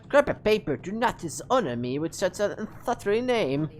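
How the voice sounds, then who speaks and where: A woman's voice: medium pitch, sing-song, moderate pace, voice pushed up, lightly acted. A woman voicing a prim male paper gatekeeper in a formal, pompous put-on British accent. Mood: haughty.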